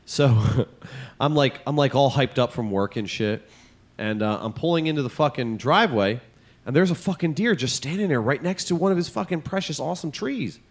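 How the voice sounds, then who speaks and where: A man's voice: mid-range voice, animated, moderate pace. A man co-hosting a comedy podcast, telling rambling, profane stories in casual chat. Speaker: podcast co-host.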